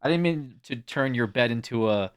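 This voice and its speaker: This streamer's voice sits in the middle range, expressive and clear with a resonant tone, moving at a moderate pace. He chats casually with viewers from home, laughing a great deal and swearing freely, then coos softly and quietly when he calls his cat.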